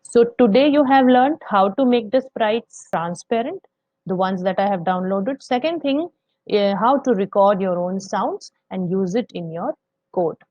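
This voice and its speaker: A woman's voice: medium pitch, expressive, a little slow, mellow, dry recording, dull audio. Patient woman teaching a coding tutorial. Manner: patient, step-by-step explaining. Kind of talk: screen-recorded software tutorial.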